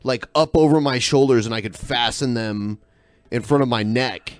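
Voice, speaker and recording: A man's voice: medium pitch, moderate pace, no room sound. A man hosting a podcast, bantering and joking in casual chat. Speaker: podcast host. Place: podcast studio.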